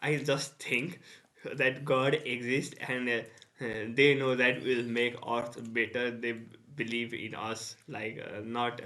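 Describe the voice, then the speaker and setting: Slow, hesitant young man. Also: mid-range voice, flat delivery, pushed and bright. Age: young adult. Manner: slow, hesitant, many fillers. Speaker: podcast co-host. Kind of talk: casual chat.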